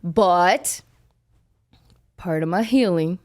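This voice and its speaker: Speaking extremely slowly in a lowish, darkish voice, a young adult woman hosts a podcast. She recounts a personal story in a blunt, profane, emotional, confessional style during casual chat.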